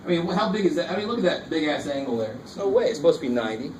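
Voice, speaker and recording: A math teacher with a fairly high, sing-song, slightly mellow voice lectures in rapid-fire fashion, casual and engaged, constantly checking whether students follow. The distant mic picks him up from across a roomy classroom over a faint hiss.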